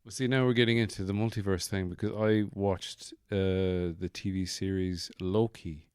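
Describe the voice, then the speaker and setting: Male podcast host, low-ish voice, dry close sound, jokey and relaxed. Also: normal speed, smooth, no room sound. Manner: playful, joking asides. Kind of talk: casual chat. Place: bedroom.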